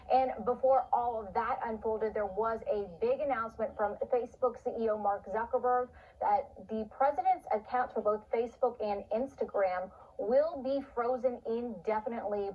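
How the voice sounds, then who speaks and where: Female news reporter, husky, higher pitch, formal read, dull lo-fi sound. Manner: crisp, formal delivery. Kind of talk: broadcast news reading. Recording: dull TV audio.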